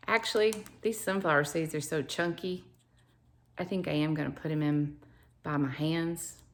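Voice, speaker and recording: A woman leading a children's activity lesson, animated and talking straight to the kids. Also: sits low, a little hiss or hum. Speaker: children's teacher.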